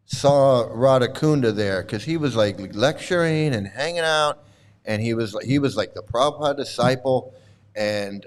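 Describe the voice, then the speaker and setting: A middle-aged man hosting a livestream, chatting casually while showing old photos, halting with many fillers and restarts and laughing often. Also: mid-range voice. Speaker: livestream host.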